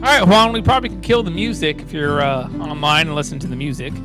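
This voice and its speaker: A man hosting a live networking event, upbeat and chatty with quick exclamations, speaking to a room and an online audience. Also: on the high side, over music. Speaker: event emcee.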